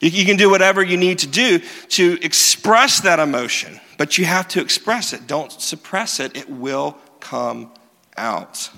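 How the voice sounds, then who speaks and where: A man delivers a sermon with a bright, slightly high voice. He moves between earnest teaching and self-mocking stories, leaning on emphatic repeats. The sound rings out with the long reverb of a large hall. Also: animated, measured pace. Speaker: pastor.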